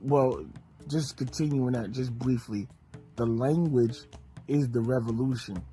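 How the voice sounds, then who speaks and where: A man's voice: medium pitch, unhurried, warm tone, faint music behind. A man co-hosting a podcast, talking in a casual, joking and emphatic way and often cutting in. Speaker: podcast co-host. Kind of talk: casual chat.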